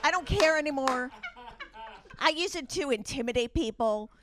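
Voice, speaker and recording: A woman doing a stand-up comedy set with a brisk, conversational delivery and wry asides. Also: high-pitched, expressive, noisy background. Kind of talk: stand-up set, then a short chat with the host.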